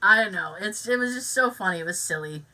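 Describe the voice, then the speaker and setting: A young woman co-hosting a podcast, telling stories in a giggly, animated way with many restarts in casual chat. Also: medium pitch, fast talker, recorded from a distance. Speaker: podcast co-host.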